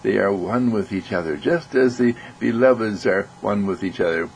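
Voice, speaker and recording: A man giving a gentle, reflective talk, telling stories and acting out voices. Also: on the low side, moderate pace, gravelly, hardly any pauses, slight background noise, poor audio. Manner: gentle, storytelling with acted voices. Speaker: speaker.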